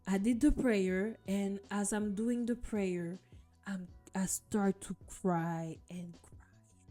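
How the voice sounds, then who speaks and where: Slow-talking woman with a mellow voice. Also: mid-range voice. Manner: earnest, storytelling, addresses viewers as guys. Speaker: vlogger sharing her testimony. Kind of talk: casual personal testimony. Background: soft background music.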